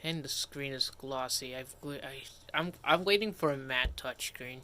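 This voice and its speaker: Here a man with a mid-range, sharp-toned voice talks at ordinary speed during a casual livestream. He rambles while working, abandons sentences partway through, and grumbles to himself.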